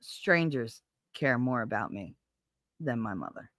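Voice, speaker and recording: A woman's voice: a bass voice, very animated, unhurried, a bit bright, dry recording, studio quality. A woman hosting a casual livestream from home, seated at her computer and talking candidly and emotionally to her viewers, rambling and swearing now and then. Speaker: livestream host. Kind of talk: casual chat with live viewers.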